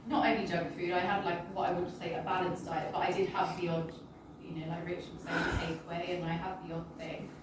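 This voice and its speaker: A British woman telling her personal health story to an audience in a halting, emotional, apologetic way. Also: lowish voice, flat delivery. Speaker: guest sharing a personal testimony. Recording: roomy, distant, with background noise.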